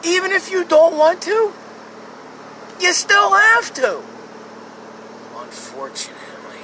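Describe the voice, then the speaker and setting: A man's voice: very high voice, huge pitch swings, slow, noisy background. A man in his forties with a Philadelphia accent, rambling and joking to his phone camera from his truck. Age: 40s. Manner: joking, rambling, self-mocking. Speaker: vlogger, scrap-metal worker. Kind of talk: casual vlog monologue.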